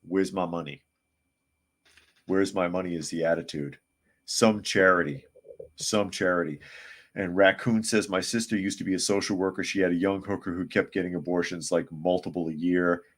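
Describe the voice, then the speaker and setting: A man's voice: deep voice, fairly even intonation, normal speed, a bit bright. A man hosting a live podcast, reading chat comments aloud and giving blunt, sarcastic opinions. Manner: blunt, sarcastic, mocks others in put-on voices.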